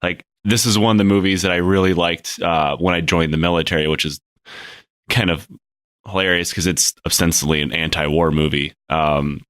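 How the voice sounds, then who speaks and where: A man with a very low voice and a bright, forceful edge speaks candidly as a guest, wryly reflecting on his military days with a few fillers. The sound is close and dry. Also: steady tone, normal speed, no echo. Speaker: podcast guest, military veteran. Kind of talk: casual conversation.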